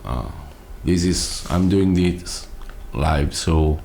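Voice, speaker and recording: A man's voice: low voice, very slow, gravelly, darkish tone, slight background noise. An Italian-accented man hosting a reaction video, speaking casually and asking incredulous questions. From Italy.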